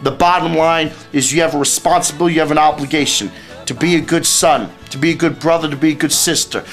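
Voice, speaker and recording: A man's voice: on the high side, quick pace, soft background music. A man who is a youth speaker and life coach, giving teens blunt, lecturing advice in a direct monologue.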